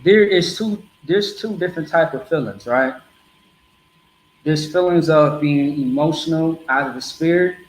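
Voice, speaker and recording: A man's voice: a little high, unhurried, roomy sound, low-quality recording. A man preaching bluntly to a group in a streetwise, repetitive way.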